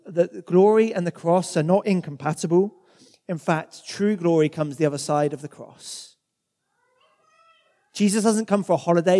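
A man's voice: high-pitched, mellow. A man preaching a sermon in a conversational way, often repeating words as he goes. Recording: long hall reverb.

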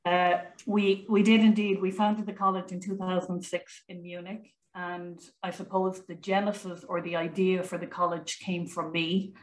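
A woman's voice: lowish voice, flat delivery, moderate pace, hardly any pauses, reverberant, low-quality recording. A woman, a college founder chatting as an interview guest, talkative with many fillers and restarts. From Ireland. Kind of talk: conversational interview.

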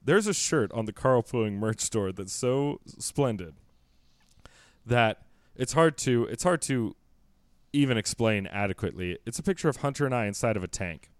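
A man's voice: mid-range voice, expressive, moderate pace, no echo. A man co-hosting a podcast, riffing in a wry, mock-serious way through casual comedic chat. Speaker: podcast co-host.

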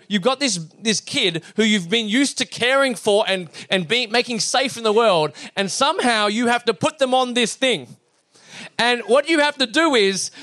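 A man, telling a story to an audience in an animated way, acting out the voices of others. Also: high-pitched, no echo, clean studio sound. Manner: animated, acts out dialogue, lots of fillers and restarts. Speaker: speaker addressing an audience. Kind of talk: storytelling talk to a live audience.

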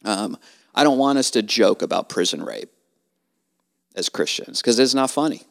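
Earnest gravelly-voiced man. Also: fairly low pitch, animated, moderate pace. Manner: earnest, emphatic, preacherly. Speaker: guest, trial lawyer. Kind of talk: casual podcast conversation.

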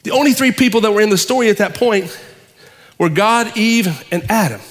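Man, pastor, fervent sermon, rhythmic repetition, high voice, long reverb. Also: fairly quick. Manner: fervent, rhythmic, repeating lists.

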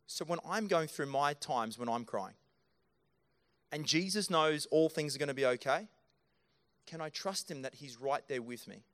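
A man's voice: a little high, normal speed, a bit bright. A man preaching a sermon into a handheld microphone in a church, talking earnestly and directly to his congregation. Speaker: pastor. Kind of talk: sermon with live scripture staging. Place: church auditorium.

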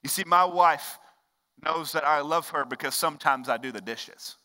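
A man preaching a sermon as pastor, swinging between loud, emphatic stretches and hushed, quiet ones. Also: a little high, moderate pace. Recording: long hall reverb.

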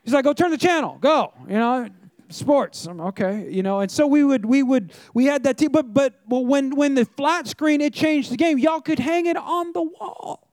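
A man's voice: very high voice, normal speed, a little mellow, no room sound, clean studio sound. A middle-aged man preaching a conversational sermon, telling stories and talking straight to the congregation. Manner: chatty storytelling, addresses the audience directly. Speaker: pastor.

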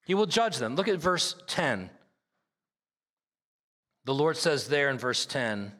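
Speaking at medium pitch with an expressive, unhurried delivery and a sharp tone, a male pastor preaches a sermon. He reads scripture aloud at length and drives home his points by repeating phrases emphatically, all under a long hall reverb.

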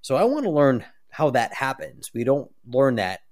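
Halting man musing about comics. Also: medium pitch, very animated, a little mellow. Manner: halting, restarts sentences, trails off. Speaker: podcast co-host. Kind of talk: casual chat about comics.

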